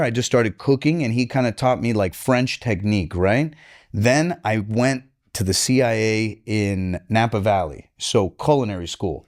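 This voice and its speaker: A young man from Miami with a Cuban-American accent, telling a story in an animated way, switching into Spanish mid-sentence and acting out the voices of the people in it. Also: mid-range voice. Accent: Miami Cuban-American English with Spanish code-switching. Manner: profane, excitable, fast bursts. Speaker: podcast guest.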